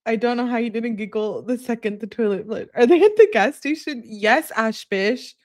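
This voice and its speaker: A woman's voice: on the high side, expressive, normal speed, no room sound, studio quality. A young woman on a live stream reading text messages aloud, often laughing and breaking off with incredulous asides to her viewers.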